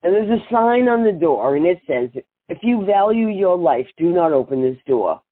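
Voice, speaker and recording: Older woman, brash storyteller, husky voice, tinny phone line. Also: on the low side, normal speed, dry recording. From Boston. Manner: brash, animated, laughs often. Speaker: guest, singer and author. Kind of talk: storytelling interview.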